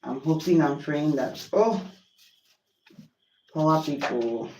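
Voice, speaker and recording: A woman's voice: sits low, takes it slowly, darkish tone, reverberant, distant mic, slight background noise, rough recording. A Nigerian woman chatting on a livestream while cooking at home, exasperated and apologetic. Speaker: livestream host. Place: home kitchen.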